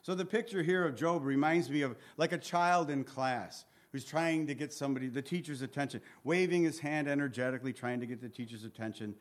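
A man with a medium-pitched voice teaches through a book of the Bible, speaking a little fast with hardly any pauses. He earnestly reads scripture aloud, acts out its pleas, and turns to listeners with conversational asides.

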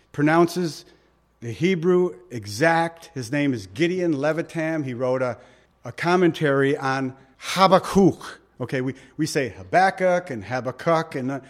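A man preaching a sermon with emphasis, asking rhetorical questions and slowing down to stress scripture. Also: a little high. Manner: asks the listeners rhetorical questions. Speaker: pastor.

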